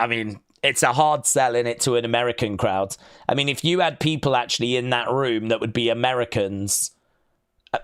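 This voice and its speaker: A man's voice: mid-range voice, a bit bright, no echo. A man hosting a live wrestling watch-along, reading chat and riffing with dry sarcasm and lots of fillers. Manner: sarcastic, jokey, rambling with fillers.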